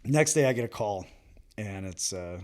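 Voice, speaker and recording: Guy in his 30s on a podcast, lowish voice, chatty storyteller who acts out every line he quotes. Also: moderate pace. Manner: animated, acts out quoted dialogue, laughs often. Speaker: podcast guest, military veteran. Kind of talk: casual storytelling chat.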